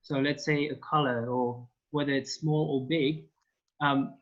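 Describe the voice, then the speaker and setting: Slow, patient tutor on a call. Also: male voice, mid-range voice, fairly even intonation, a bit bright. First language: French. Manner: patient, slow step-by-step prompting. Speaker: French tutor. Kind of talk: online language class. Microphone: video call. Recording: dull lo-fi call audio.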